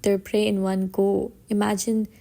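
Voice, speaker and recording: A woman's voice: mid-range voice, little pitch movement, measured pace, gravelly, mellow. A woman narrating a comic story recap in a casual, dramatic way, with emphatic stresses and frequent restarts.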